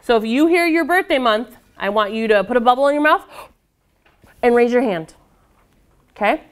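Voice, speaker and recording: A woman's voice: fairly high pitch, animated, normal speed, clear, resonant tone. Sing-song woman leading children's storytime. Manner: patient, encouraging, sing-song. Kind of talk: reading and leading rhymes for children. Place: indoor storytime room with children.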